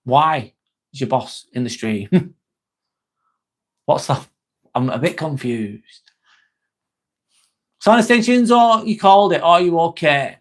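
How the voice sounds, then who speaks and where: Speaking slowly and pausing often, this young livestream host has a fairly high-pitched voice. He reads comments from viewers out loud and chats back to them reassuringly in a casual stream.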